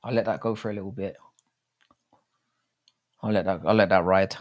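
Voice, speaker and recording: A man's voice: low voice, fairly even intonation, moderate pace. A young man hosting a casual live stream, rambling and swearing freely with many restarts.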